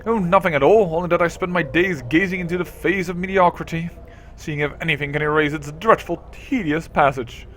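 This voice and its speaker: A man's voice: a little high, a little fast, a bit bright, slight background noise, natural voice. A man voicing a bored, dramatic young noblewoman from a role-playing game, using an old-fashioned put-on British English accent and archaic speech. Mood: languid. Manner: archaic theatrical speech, languid and drawn out.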